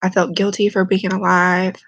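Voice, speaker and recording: Woman holding back tears, flat voice. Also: medium pitch, dry recording, dull audio. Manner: quiet, halting, emotional, holding back tears. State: close to tears. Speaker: vlogger. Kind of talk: personal storytelling to camera.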